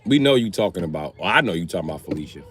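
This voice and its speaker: Man live streaming, profane storyteller, bright voice, pitch swings all over, faint background noise. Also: racing. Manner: profane, animated, boastful.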